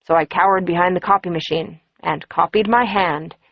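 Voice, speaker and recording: A woman's voice: lowish voice, normal speed, no echo, lo-fi sound. Woman narrating an audiobook, wry and dry. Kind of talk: first-person audiobook narration.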